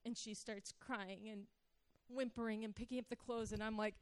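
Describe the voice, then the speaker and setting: Dry, clear-voiced woman telling a story. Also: a little high, normal speed, dry recording. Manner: animated, acts out quoted voices. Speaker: speaker sharing a personal story. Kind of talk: personal storytelling talk.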